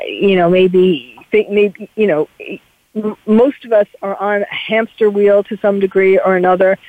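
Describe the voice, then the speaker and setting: A woman with a New York accent chats through advice on her radio show, pausing on ums and restarting lines. Her voice comes through thin and tinny, like a phone line, with no room sound. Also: mid-range voice, no room sound. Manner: chatty, hesitant with many ums and restarts. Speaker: radio show host, psychologist. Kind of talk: casual advice talk.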